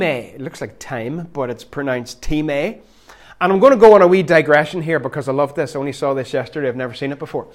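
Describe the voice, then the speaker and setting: Man, middle-aged, pastor preaching, emphatic, fairly high voice. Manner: animated, laughing, emphatic preaching. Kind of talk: sermon.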